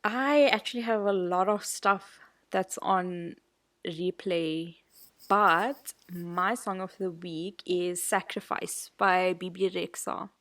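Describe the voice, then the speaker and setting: A woman co-hosting a podcast in casual chat, telling stories in a chatty, animated way. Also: on the low side, slow pace. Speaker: podcast co-host.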